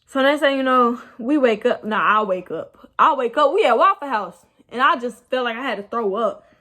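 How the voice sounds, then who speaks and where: A young woman, casually telling a rambling, animated story about her night out. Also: a little high, moderate pace. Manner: animated, rambling, laughs at herself. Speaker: vlogger.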